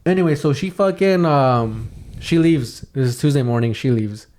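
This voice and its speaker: A man's voice: medium pitch, normal speed, a little mellow. Rambling, swearing young man. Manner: rambling, swears a lot, restarts often. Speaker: podcast host. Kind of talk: casual storytelling chat.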